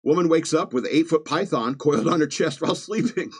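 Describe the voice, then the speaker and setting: A man's voice: fairly high pitch, lively intonation, brisk, breathy edge. Sarcastic man hosting a podcast. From Virginia. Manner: sarcastic, chuckling asides. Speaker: podcast host. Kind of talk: casual comedic news commentary.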